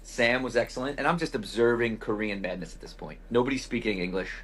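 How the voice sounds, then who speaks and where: A man's voice: fairly low pitch, fast talker, over a noisy crowd. A man hosting a podcast, telling a loose, profane travel anecdote in a casual, wry way with lots of quoted asides. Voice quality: husky. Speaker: podcast host. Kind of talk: casual storytelling.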